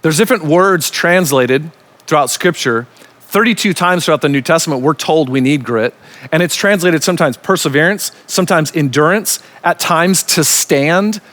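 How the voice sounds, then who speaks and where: Earnest pastor with a higher voice. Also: male voice, fairly bright tone. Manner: emphatic, with drawn-out key words; conversational asides. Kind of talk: recorded sermon teaching.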